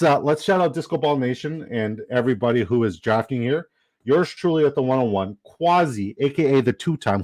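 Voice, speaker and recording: Male streamer host, chatty and rambling, average pitch, dry sound. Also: no room sound, rough recording. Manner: chatty and upbeat, rambling with fillers and shout-outs. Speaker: livestream host. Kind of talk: casual live-stream chat, reading viewer comments.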